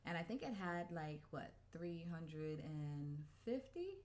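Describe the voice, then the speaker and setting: A woman's voice: fairly low pitch, big pitch swings, slow pace, a little mellow. A woman co-hosting a casual podcast with her husband, telling a story in a chatty, laughing way. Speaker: podcast co-host. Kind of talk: casual couple's podcast chat.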